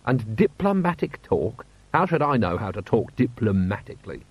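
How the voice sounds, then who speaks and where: Male reader as a tired, deadpan city-watch chief, dry close sound. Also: on the low side, normal speed, breathy edge, dry recording. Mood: glum. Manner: dry, glum. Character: weary, dry-witted male watch commander. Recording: dull, slightly lo-fi.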